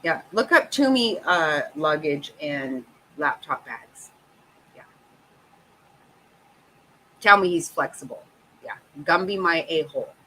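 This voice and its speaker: Brief: middle-aged woman host, bright voice, swearing, exasperated casual chat. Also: low voice, expressive, takes it slowly, long pauses, a little hiss or hum, rough recording. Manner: profane, exasperated, laughing often.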